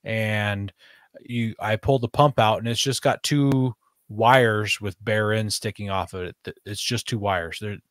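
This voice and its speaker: Man, low voice, dry close sound, casual rambling podcast chat. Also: fairly even intonation, unhurried, a bit bright, no room sound. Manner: rambling, many restarts and fillers. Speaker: podcast host.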